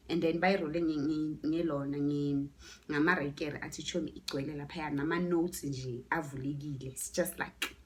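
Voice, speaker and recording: A woman with a South African accent tells a story in a casual vlog, chatty and animated, mixing languages and dropping into whispered asides. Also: low-pitched. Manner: chatty, switching between English and Zulu, animated with whispered asides. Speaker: YouTuber telling a story.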